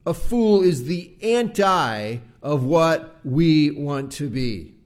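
A male pastor preaching a live Sunday sermon, measured and slowing to stress key words. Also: on the high side, animated, a little mellow. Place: church service recorded live.

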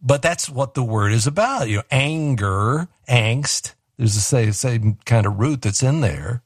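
A man's voice: mid-range voice, expressive, normal speed, husky, dry recording, studio quality. Easygoing man hosting call-in radio. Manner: chatty, easygoing, chuckling asides. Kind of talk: casual call-in radio talk.

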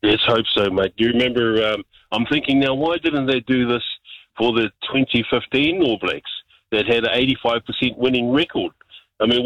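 A man's voice: fairly low pitch, a bit bright, no room sound. A man with a New Zealand accent calling in to a talk radio show, blunt and matey, heard over the phone. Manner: blunt, matey, keeps saying mate. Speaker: caller. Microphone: phone line. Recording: dull lo-fi phone line.

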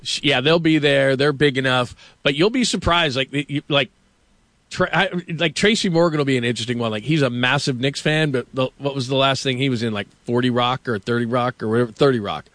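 A man hosting a sports radio show, rambling through anecdotes with quick laughs. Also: mid-range voice, fairly bright tone, no room sound. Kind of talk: casual radio banter.

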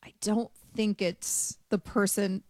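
A woman hosting a sports radio show, brisk and pointed, raising questions and building her case. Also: mid-range voice, level tone, a little mellow, no room sound, studio quality. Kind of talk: sports radio talk with read ads.

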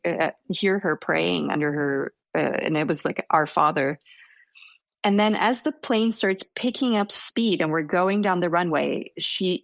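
A woman's voice: fairly low pitch, gravelly, no room sound. A young woman telling a personal story in a casual interview, hesitant and self-deprecating.

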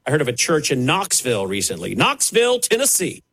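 Brief: male TV preacher, slightly higher voice, very animated swoops, emphatic sermon delivery. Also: brisk, slightly rough. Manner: emphatic, dramatic preaching with sharp rises and falls. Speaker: television preacher.

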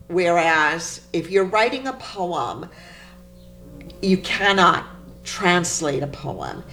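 Low-voiced woman poet, animated storyteller. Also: takes it slowly, faint music behind. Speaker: poet guest. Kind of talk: interview conversation.

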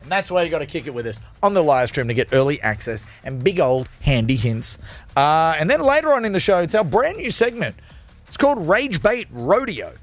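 Hyped high-voiced radio host. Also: male voice, very animated, fairly quick, faint music behind. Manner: jokey, self-mocking, hyped. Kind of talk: upbeat radio show patter.

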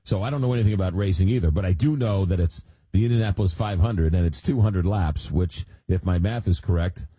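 A man chatting casually and tossing in wry jokes. His voice is low, deeply mellow and a little husky. It sounds close and dry, with no room echo. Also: a little fast, few pauses. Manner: joking, wry asides. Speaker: podcast co-host. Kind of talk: casual chat.

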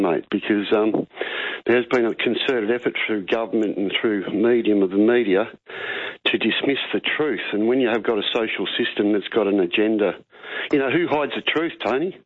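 An Australian man calling in to talkback radio, insistent and rambling, saying mate often. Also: medium pitch. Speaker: caller. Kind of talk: talkback phone call. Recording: tinny phone line.

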